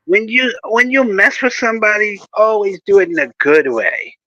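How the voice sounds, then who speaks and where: A man hosting a casual chat, telling stories with animated flair and frequent laughter. His voice is fairly high and very bright, with lively swings in pitch. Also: normal speed, no echo, lo-fi sound. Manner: animated storytelling, laughs often.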